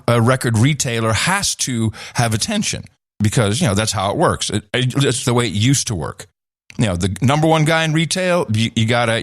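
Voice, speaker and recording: A middle-aged man co-hosting a podcast, telling stories in lively casual chat with many restarts. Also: mid-range voice, dry recording, clean studio sound. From Netherlands. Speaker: podcast co-host.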